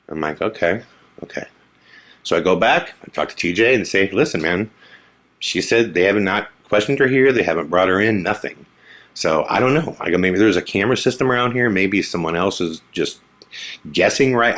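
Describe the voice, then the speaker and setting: A man with a husky, low-pitched voice tells a story from his past on his podcast. He acts out the lines of the people in it, dropping to a hushed tone for some of them. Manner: animated, acts out quotes in a hushed voice. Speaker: podcast host. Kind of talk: storytelling monologue.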